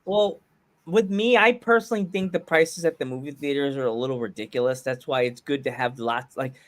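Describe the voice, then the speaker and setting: A man's voice: mid-range voice, a little fast, a bit bright. A man hosting a podcast in casual chat, playful and jokey, laughing at himself. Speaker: podcast host.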